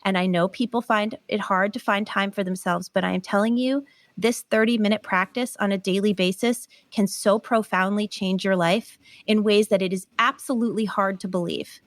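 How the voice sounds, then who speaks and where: A woman guest on a podcast, explaining a healing method in an earnest, animated way. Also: medium pitch, moderate pace, dry recording. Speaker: guest, pain recovery author. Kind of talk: podcast interview.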